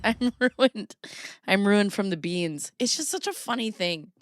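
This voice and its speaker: A woman streamer in her thirties talks casually to her chat, giggling and breaking into laughter. Her voice sits a little high and her pace is unhurried and drawn out. The sound is close and dry, with no room around it. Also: expressive, fairly bright tone, no echo. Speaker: streamer host.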